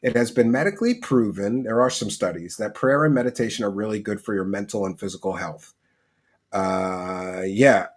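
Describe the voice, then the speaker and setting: A man hosting a livestream, reading chat aloud and joking with mock rants. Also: fairly low pitch. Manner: mock-ranting, joking, quick to laugh. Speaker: livestream host.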